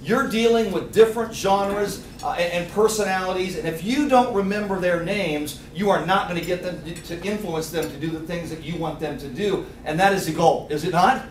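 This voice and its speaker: A man giving a lively seminar talk, quizzing the audience and acting out little scenes. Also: high voice, fairly quick, hardly any pauses, a little hiss or hum. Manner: energetic, quizzes the crowd, acts out little scenes. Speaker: seminar speaker. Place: meeting room with audience. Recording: echoey room, picked up from a distance.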